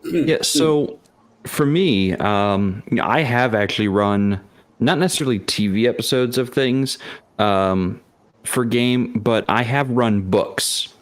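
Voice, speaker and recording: A man chatting casually on a podcast panel of game masters, speaking in a halting, thoughtful way with frequent ums and stammered restarts. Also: mid-range voice. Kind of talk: casual chat.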